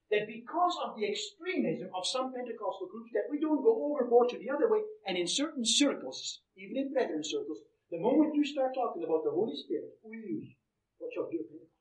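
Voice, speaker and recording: Emphatic high-voiced male preacher, echoey. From Canada. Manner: emphatic, rising and falling in volume. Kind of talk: sermon. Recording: roomy echo, heard from a distance.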